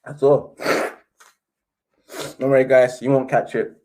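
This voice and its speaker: A man's voice: mid-range voice, flat delivery, a little slow, dark tone. A British man hosting a casual football stream, ranting and sarcastic, a little sniffly. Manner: ranting, sarcastic, switches to a posh reading voice for quotes. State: slightly sniffly. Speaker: football channel host. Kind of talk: casual live stream commentary.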